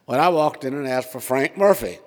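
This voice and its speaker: A man's voice: medium pitch, normal speed, a little mellow. An older man from Minnesota telling a self-mocking personal story, chatty with frequent fillers. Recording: reverberant hall.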